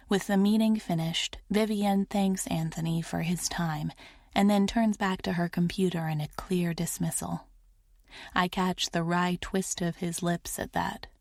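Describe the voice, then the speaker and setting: A woman narrates a first-person romance audiobook in a soft, intimate way. Her voice sits a little low and moves at a very slow, measured pace. The recording is close and dry. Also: vocal fry, no echo.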